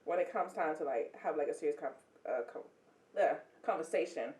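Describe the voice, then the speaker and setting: Podcast guest, woman, playful and agreeable, low but lively pitch, echoey room. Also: brisk. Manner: playful, agreeable, laughs often. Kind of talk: casual chat.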